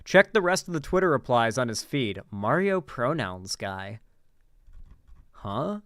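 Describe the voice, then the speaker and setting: A man's voice: mid-range voice, sing-song, measured pace, fairly bright tone, no room sound. A man hosting casual political commentary, sarcastic and rambling with lots of filler words. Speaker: host. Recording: dry close-miked room.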